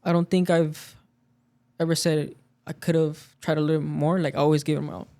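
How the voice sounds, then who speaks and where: A man's voice: fairly high pitch, flat delivery, normal speed, mellow. A man in casual podcast chat, telling a story about work and acting out the quoted lines of the people in it. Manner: storytelling, acts out quoted dialogue. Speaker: podcast guest.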